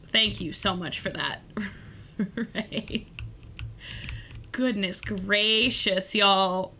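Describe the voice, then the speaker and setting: A woman's voice: medium pitch, animated, drawn-out words, pauses often, sharp tone, slight background noise. A woman hosting a charity livestream while she plays a game, playful and giggly as she thanks donors. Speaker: streamer hosting a charity stream. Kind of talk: casual gaming livestream chat.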